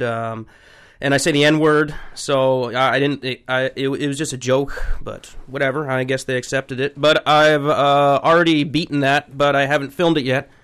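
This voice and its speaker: A young male comedian in a radio studio rambles through his answers with a shrug in his voice, restarting his sentences as he goes. His voice is smooth and sits in a mid pitch. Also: a bit bright. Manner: rambling and self-deprecating, with many restarts. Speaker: comedian guest. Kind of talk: casual interview.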